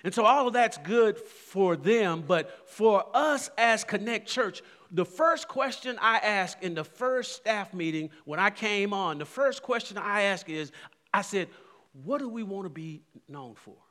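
Man, pastor, sermon, high voice, repeats phrases with rising fervor, long hall reverb. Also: lively intonation, measured pace, a bit bright. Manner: preaching with rising fervor and repetitions.

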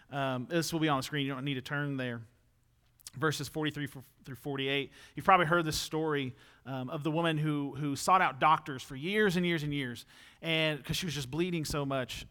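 Young guy preaching, bright voice sitting a bit high, chatty then gets emphatic. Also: normal speed. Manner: conversational, rising to emphatic peaks. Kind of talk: sermon.

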